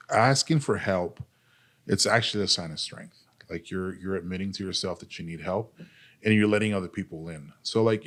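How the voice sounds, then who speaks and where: Deep-voiced man, blunt and profane. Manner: blunt and profane, heavy use of "like" and "dude"; earnest, speaks openly about pain and recovery. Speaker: podcast guest, army veteran. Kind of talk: casual candid storytelling.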